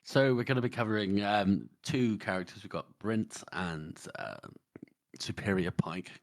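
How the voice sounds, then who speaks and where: A male podcast co-host with a very deep, low voice. He speaks in a laid-back, measured way. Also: lively intonation, vocal fry. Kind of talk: casual chat.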